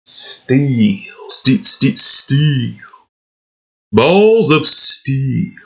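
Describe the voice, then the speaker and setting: A cocky, gruff macho action hero, as a man puts him on in a loose impression, drawing out each boastful one-liner slowly. The voice has a bright, forceful edge. Each line rolls out at an unhurried pace. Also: mid-range voice, sing-song, heavily acted.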